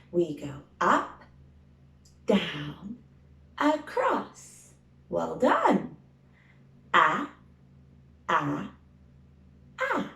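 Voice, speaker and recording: Woman teacher doing phonics for little kids, super slow and bouncy, sounds kinda echoey. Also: mid-range voice, creaky. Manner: slow, drawn-out sounds, encouraging praise. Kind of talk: phonics lesson for young children. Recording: roomy echo.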